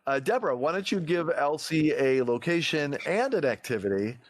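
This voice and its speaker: A man hosting a comedy podcast, running an improv game with many fillers and quick laughs. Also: a little high, animated, no echo. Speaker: podcast host. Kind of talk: casual chat.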